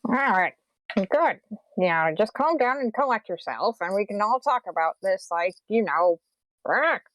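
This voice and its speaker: A woman playing a tabletop game, asking quick, quizzical questions. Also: mid-range voice, lively intonation, fairly bright tone, no room sound, rough recording. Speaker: player.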